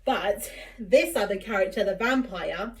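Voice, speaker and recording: A woman's voice: medium pitch, a little slow. A woman chatting in a casual vlog, giggly and filling her talk with "like". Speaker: YouTuber.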